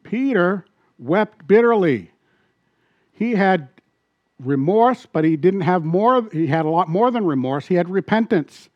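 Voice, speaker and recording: A man preaching a sermon as pastor, animated and asking the congregation questions. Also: sits high, unhurried, no echo, highs cut off.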